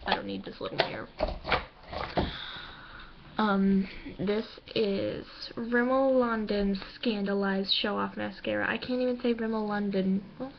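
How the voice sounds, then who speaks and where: A young beauty vlogger chats casually through a makeup tutorial at home, teasing herself as she works, in a steady, mid-range voice that's unhurried and often pauses. It's recorded on a laptop camera mic, sounding dull and lo-fi with clear noise.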